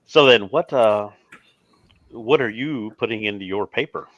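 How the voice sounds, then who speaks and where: A man's voice: fairly low pitch, unhurried, a bit bright, dry recording, dull audio. A man playing his character in a tabletop game, speaking formally and narrating his own actions. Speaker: player. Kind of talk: in-character tabletop role-play.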